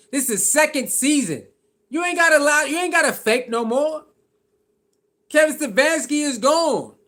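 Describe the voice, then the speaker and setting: A man with a strikingly high voice delivers reaction commentary on football. He talks in heated, slangy bursts and keeps circling back to the same points. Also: bright, forceful tone. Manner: heated, slangy ranting with repetition. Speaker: sports commentator.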